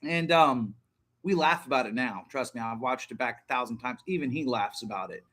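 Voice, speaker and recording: A man's voice: mid-range voice, moderate pace, fairly bright tone. A man in his thirties hosting a casual livestream, chatting bluntly and rambling with plenty of profanity. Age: 30s. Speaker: livestream host.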